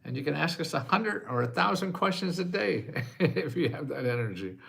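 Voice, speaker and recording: An American man in his eighties hosting a casual livestream chat, self-mocking and quick to laugh, sometimes choking up with emotion. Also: on the high side, lively intonation, gravelly, fairly bright tone. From United States. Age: 80s. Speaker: host answering viewer questions.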